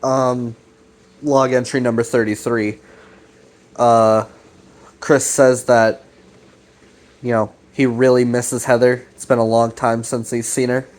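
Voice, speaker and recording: A man's voice: medium pitch, little pitch movement, takes it slowly, long pauses, darkish tone. Casual profane man rambling a recap. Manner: rambling, profane, acts out quoted lines. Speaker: commentator recapping a web series.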